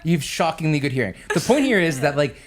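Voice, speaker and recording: A man's voice: a little high, sing-song, fast talker. A man co-hosting a podcast in casual chat, joking around, swearing freely and laughing through his stories. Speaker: podcast co-host.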